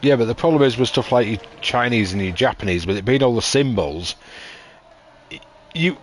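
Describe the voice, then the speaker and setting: A man with a Yorkshire accent banters over a sim race, teasing his co-driver and reading out requests from viewers. His pitch is unremarkable and mid-range, with faint noise in the background. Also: animated, fairly quick. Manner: teasing, relays chat requests, laughs. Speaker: sim racing league co-driver and streamer. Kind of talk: casual chat while racing.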